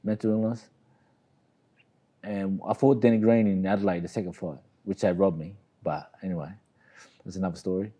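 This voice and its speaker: Laid-back Australian man, low mellow voice. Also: steady tone, normal speed, pauses often. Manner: rambling, repeats "you know what I mean". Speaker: interview guest, boxer. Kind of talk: casual storytelling.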